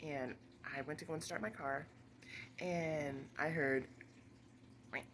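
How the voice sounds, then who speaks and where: A woman vlogger telling a long, rambling story in a casual, chatty way, with quick asides and laughter. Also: low voice, steady tone, fairly bright tone, a little hiss or hum.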